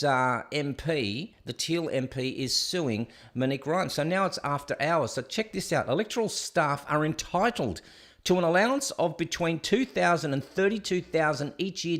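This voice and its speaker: A man, hosting a live show and telling stories in a rambling, conversational way full of fillers. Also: fairly high pitch. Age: 60s. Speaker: podcast host. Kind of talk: live casual chat and rant.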